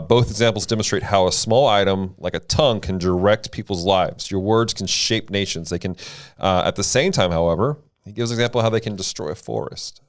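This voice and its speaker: A man who is a pastor, explaining scripture and asking questions in a relaxed discussion. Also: fairly low pitch. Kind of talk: casual discussion.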